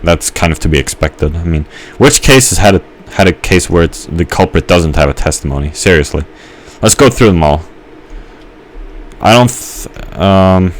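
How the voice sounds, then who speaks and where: A man's voice: sits low, moderate pace. A young man giving a rambling let's-play commentary, musing and hesitant with many fillers and restarts. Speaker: gamer.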